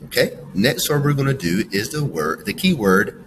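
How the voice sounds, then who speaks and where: A man's voice: medium pitch, sing-song, bright, forceful tone, slight background noise, rough recording. A man teaching a phonics lesson to children, sounding out letters one by one and walking the class through each word. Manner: slow, sounding out letters and praising.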